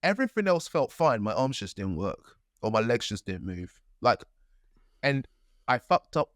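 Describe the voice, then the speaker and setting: A young man co-hosting a podcast, telling a story in a lively way with acted-out quotes. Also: mid-range voice, moderate pace, no room sound, clean studio sound. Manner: animated storytelling, acts out quotes. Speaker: podcast co-host. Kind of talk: casual chat.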